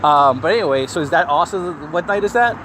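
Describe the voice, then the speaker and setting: Brief: high-pitched male podcast host, blunt sarcastic critic, light traffic noise behind. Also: lively intonation, fast talker. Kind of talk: casual podcast chat.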